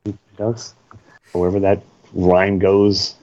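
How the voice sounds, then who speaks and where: A man's voice: deep voice, little pitch movement, slow, darkish tone. A man co-hosting a casual podcast chat, laid-back with dry quips. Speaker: podcast co-host. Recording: dull lo-fi sound.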